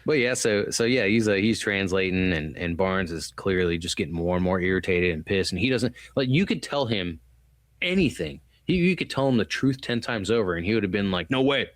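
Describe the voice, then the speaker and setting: A deep, animated male voice moves a little fast in echo-free studio-quality audio. Co-hosting a podcast, he talks loosely and profanely in a casual movie review, rambling and acting out quotes.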